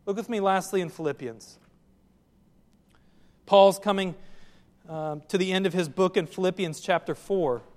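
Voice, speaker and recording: A man preaches to his congregation in a high, clear register, asking pointed questions and pressing each point home. His voice rings out with long reverb, as if filling a church sanctuary. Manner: earnest preaching, direct questions to listeners. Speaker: pastor. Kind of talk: sermon.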